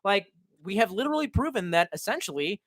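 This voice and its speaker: A man's voice: a little high, very animated, normal speed, no echo, studio quality. Ranting, profane male streamer. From United States. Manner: profane, ranting, talks to himself, sudden yells. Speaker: live streamer reading chat. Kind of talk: profane rambling stream chat. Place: home basement room.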